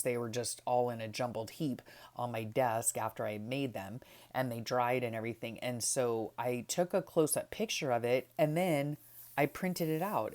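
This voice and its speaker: Very low-voiced chatty crafting woman. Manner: chatty, rambling, trails off softly. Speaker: craft vlogger. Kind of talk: casual craft journal flip-through chat.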